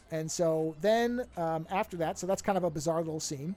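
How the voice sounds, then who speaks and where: A man's voice: fairly high pitch, a little fast, few pauses, a little mellow. A man co-hosting a podcast, casually retelling a film plot in a rambling way and correcting himself as he goes. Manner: rambling storyteller, corrects himself mid-story. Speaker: podcast co-host.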